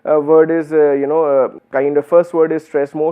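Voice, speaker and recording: Male lecturer with an Indian English accent, slightly high voice, explanatory and full of fillers; narrow, phone-like recording. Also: flat delivery, moderate pace, clear, resonant tone. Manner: explanatory, uses many fillers and restarts. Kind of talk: university lecture.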